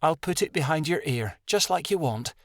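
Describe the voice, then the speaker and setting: A man's voice: on the high side, lively intonation, normal speed, dry recording, clean studio sound, voice pushed up. A man voicing an earnest young female wolf heroine in a fantasy audiobook. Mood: gentle. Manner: earnest and urgent.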